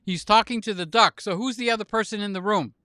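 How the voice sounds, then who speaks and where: A man hosting a livestream, chatting with guests and telling silly jokes in an animated way while laughing at them. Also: high voice, fast talker, no room sound, studio quality. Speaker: livestream host. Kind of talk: casual chat with guests.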